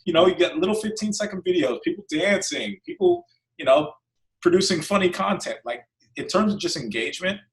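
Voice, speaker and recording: A man's voice: high voice, very animated, a little fast, vocal fry, recorded from a distance. A man hosting a casual business podcast, earnest and often restarting his words. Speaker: podcast host, business owner.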